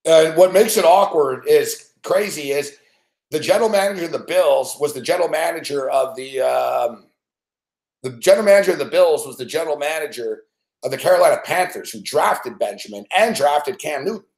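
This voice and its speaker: A man's voice: on the high side, expressive, brisk, gravelly, darkish tone. Ranting, profane man in an echoey room. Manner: profane, sarcastic, laughs often. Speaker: sports betting show host. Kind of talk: ranting sports commentary.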